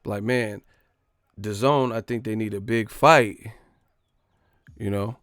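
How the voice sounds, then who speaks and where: A man's voice: lowish voice, fairly even intonation, a little slow, fairly bright tone, clean tone, dry recording, clean studio sound. A man hosting a boxing live stream, ranting in a profane, mocking, repetitive way.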